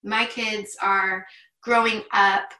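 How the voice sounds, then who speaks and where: A woman in her thirties speaks with heartfelt earnestness in a loose, chatty way. Her voice is bright and forceful. She sits a little back from the mic in a roomy, echoing space. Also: medium pitch, flat delivery, takes it slowly, recorded from a distance. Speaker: guest. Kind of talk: candid conversation.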